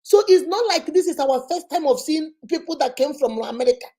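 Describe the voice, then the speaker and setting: Nigerian woman telling a lively story. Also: sits high, a little fast. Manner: animated, conversational storytelling. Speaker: vlog host. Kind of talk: storytelling vlog.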